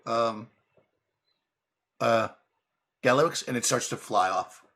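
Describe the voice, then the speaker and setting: A young man running a tabletop game as game master, narrating casually with many restarts and quick laughs. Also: mid-range voice, a bit bright.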